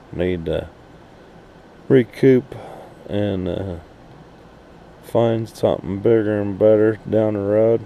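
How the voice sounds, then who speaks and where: A man vents in a blunt, profanity-laced ramble, his voice low, gravelly and very dark. He talks slowly and unhurriedly, as if hanging around outside. He is recorded outdoors at night, with a faint hum of noise behind him. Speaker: RV vlogger. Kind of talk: casual rant to camera.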